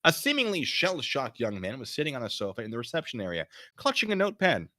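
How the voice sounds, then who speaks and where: Man reading a mystery on a livestream, lively sing-song pitch, bright tone, chatty asides. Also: quick pace. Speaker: streamer reading a mystery story aloud. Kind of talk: livestream read-aloud, casual asides.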